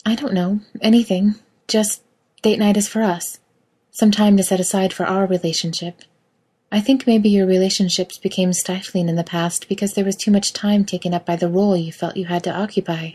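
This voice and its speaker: A woman voicing a tentative, earnest younger woman who speaks softly and hesitantly. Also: mid-range voice, steady tone, moderate pace, breathy edge, close to an everyday voice.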